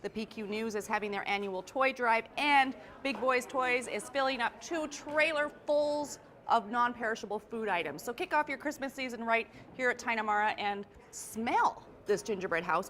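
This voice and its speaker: Chatty woman hosting a tv segment on location, bright and bouncy, voice sits kinda high. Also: moderate pace. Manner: upbeat, chatty, playful. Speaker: TV host.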